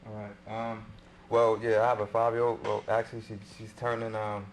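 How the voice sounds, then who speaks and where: Low flat-voiced man, hesitant. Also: slight background noise, rough recording. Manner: hesitant, many pauses and ums. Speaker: guest musician. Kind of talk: panel discussion.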